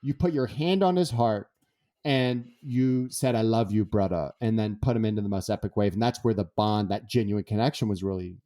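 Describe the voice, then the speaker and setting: A man with a fairly low voice and moderate pace is a guest author sharing stories in an interview. He's animated and brings the dialogue to life by acting it out.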